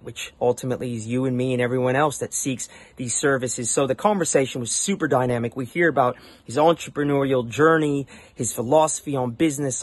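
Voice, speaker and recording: A man hosting an interview podcast from his backyard, chatty and enthusiastic, with long setups before his questions. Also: medium pitch. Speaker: podcast host. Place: outdoors in a backyard.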